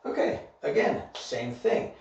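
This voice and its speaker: A man teaching English grammar in a recorded online lesson, speaking slowly and deliberately and checking in with "okay?" after each point. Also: darkish tone. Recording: very echoey room, distant mic, dull sound.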